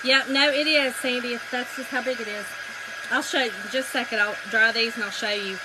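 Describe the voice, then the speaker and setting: A woman with a Southern US accent talks a little fast in a fairly high voice, with background noise present. Hosting a crafting livestream, she chats with viewers as y'all and tells stories in a relaxed, chatty way.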